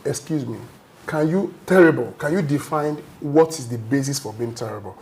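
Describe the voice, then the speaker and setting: A man's voice: medium pitch, moderate pace, darkish tone. A man arguing emphatically as a guest in a panel debate, lecturing and often checking "you understand?".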